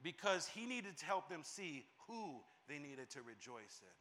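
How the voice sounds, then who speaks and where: A male pastor preaching a sermon with a high, very bright, piercing voice. He drives his points home through repetition and often stumbles and restarts a phrase. His tone stays emphatic throughout. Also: big pitch swings, normal speed, slight background noise.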